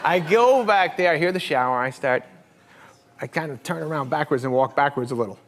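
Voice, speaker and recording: Brisk and on the high side, a middle-aged talk show guest spins casual comic stories before a live studio audience. He laughs often and mimics the people he quotes, and the recording picks up the crowd's laughter and noise.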